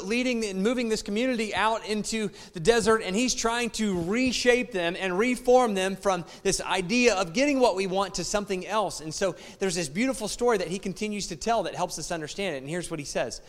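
A male pastor delivers an emphatic sermon in a fairly high voice. He hammers phrases again and again and throws rhetorical questions at the room. His words carry a long echo from the church around him. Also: a little fast, few pauses.

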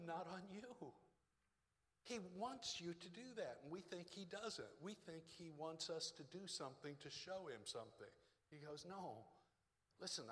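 Pastor guy preaching, animated, drops to whispers sometimes, bright voice. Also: fairly high pitch. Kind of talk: sermon. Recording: preached in a reverberant hall.

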